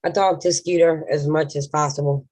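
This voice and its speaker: Woman, panel host, blunt, swears freely, teasing, very low voice, dry close sound. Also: steady tone, moderate pace, a little mellow, no room sound. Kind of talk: casual online panel chat.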